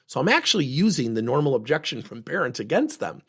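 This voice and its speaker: A middle-aged man giving a motivational talk as a former coach, telling stories in an animated way and acting out the people in them. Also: mid-range voice, fast, husky. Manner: animated storytelling, acting out quotes.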